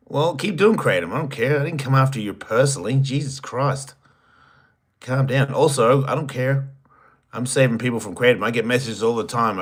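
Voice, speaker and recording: A man with an Australian accent, hosting a solo livestream, reading chat questions and answering in a crude, teasing, rambling way. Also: medium pitch. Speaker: host.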